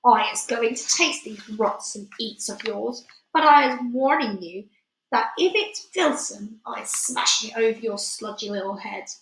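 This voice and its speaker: A greedy, brutish giant who speaks in slow, menacing, broken grammar, as a woman reads him aloud. The voice drags its threats out and sits in an echoey room. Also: fairly high pitch, lively intonation, vocal fry, a little hiss or hum.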